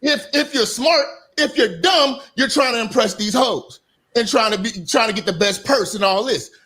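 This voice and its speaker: A man's voice: very high-pitched, normal speed, sharp tone, slightly rough. A man lecturing emphatically and repetitively in a heated streamed debate. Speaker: debate guest.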